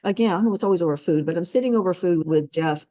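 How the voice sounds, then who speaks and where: A woman hosting an interview, telling a long story and acting out the quotes with big jumps in pitch. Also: fast, warm tone, muffled recording. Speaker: host.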